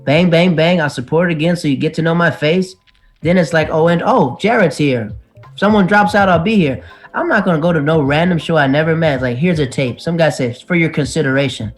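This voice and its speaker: A man, a stand-up comedian, chatting as a guest on a podcast and telling animated stories with acted-out quotes. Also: fairly high pitch, brisk, faint music behind. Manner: animated storyteller who acts out other people's lines. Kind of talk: casual podcast chat.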